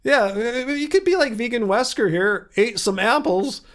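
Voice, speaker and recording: A man with a fairly high voice hosts a casual livestream and answers viewer comments. He sounds sarcastic and incredulous, and he rambles with plenty of fillers and restarts. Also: expressive, normal speed, fairly bright tone. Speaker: livestream host.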